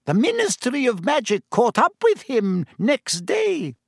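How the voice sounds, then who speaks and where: Gossipy innkeeper woman read by a man, pitched way up, curious and chatty. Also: huge pitch swings, unhurried, vocal fry, no room sound, studio quality, exaggerated voice.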